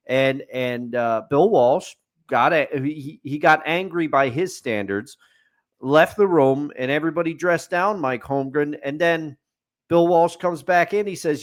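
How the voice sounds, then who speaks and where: A man's voice: a little high, unhurried. A man co-hosting a sports podcast, telling stories and laughing easily. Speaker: podcast co-host. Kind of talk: casual sports talk.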